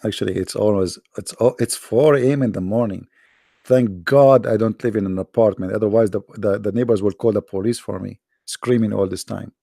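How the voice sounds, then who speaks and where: A man's voice: lowish voice, brisk, gravelly, dark tone, breathy edge, no room sound, studio quality. A man hosting a live call-in debate in a mocking, sarcastic way, his voice worn out from talking for hours. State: tired, worn-out voice.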